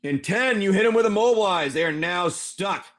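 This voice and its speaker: A man's voice: high-pitched, lively intonation, moderate pace, fairly bright tone. A man running a tabletop game on a live stream, narrating each move play by play. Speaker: game master.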